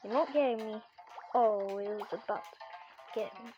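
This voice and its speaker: A woman's voice: fairly high pitch, normal speed, soft background music. A woman giving gameplay commentary, frustrated and complaining, often asking why things go wrong. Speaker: gamer. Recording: muffled lo-fi recording.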